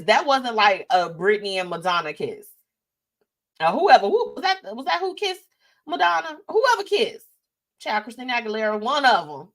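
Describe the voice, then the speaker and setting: With a fairly high-pitched voice, this live-show host chats about celebrity news in a casual, spirited, sassy manner. She also reads viewers' comments on air.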